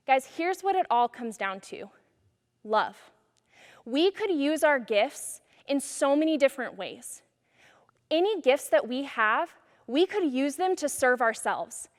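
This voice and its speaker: A high-voiced woman delivers an encouraging youth message as a pastor, casual and earnest. Her voice trails into a long reverb.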